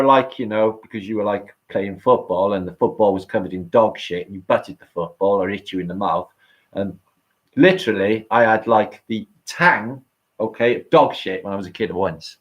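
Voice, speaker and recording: A man in the middle of a late-night livestream, reading out comments and answering them in a loose, rambling way. He swears freely and talks straight to his audience. His voice sits at an ordinary middle pitch. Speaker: livestream host.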